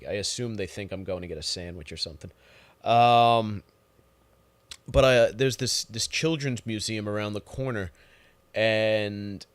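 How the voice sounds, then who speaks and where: A man's voice: fairly low pitch, dry recording. Man, young adult, solo podcast host, crude exasperated ranting, dry close recording. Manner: crude, sarcastic, exasperated storytelling. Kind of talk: profane solo podcast rant.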